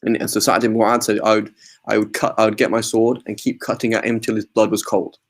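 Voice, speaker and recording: A man's voice: on the low side, level tone, a little fast. A man giving an informal religious class in a mosque, talking conversationally, often checking in with "right?" and mixing in Arabic religious terms. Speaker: religious teacher.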